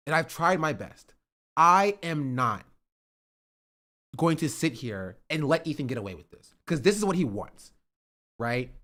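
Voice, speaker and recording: A man's voice: medium pitch, fairly bright tone. Heated male streamer. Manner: heated, repeats "right?" often. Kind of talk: livestream commentary.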